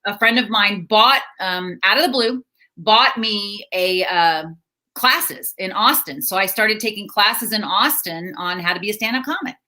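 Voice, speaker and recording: A middle-aged woman comedian telling stories in a casual interview, chatty and quick to laugh. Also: medium pitch, bright, forceful tone. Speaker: stand-up comedian and counselor.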